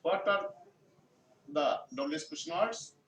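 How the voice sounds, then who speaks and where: Slow Bangladeshi English teacher in echoey class. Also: male voice, fairly high pitch, expressive, a bit bright. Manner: slow, repetitive explaining, often restating phrases. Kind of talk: classroom grammar lesson. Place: school classroom. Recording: echoey room, far mic, noisy background.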